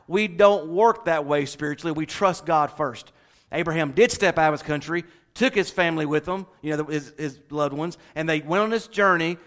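A male pastor preaches with a high-pitched voice, animated and emphatic, mixing humor into his sermon. His delivery swings from loud bursts to low, quiet stretches.

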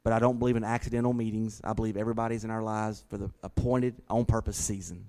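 A man preaching a sermon in a folksy storytelling way, slowing down to stress key words. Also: on the low side, level tone, warm tone. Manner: folksy, slows down for emphasis.

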